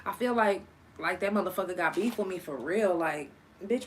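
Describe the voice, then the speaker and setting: Speaking in a lowish voice at a moderate pace, this young podcast host runs her casual show solo, with a little hiss or hum in the recording. She swears liberally and stays lively, addressing her audience head-on.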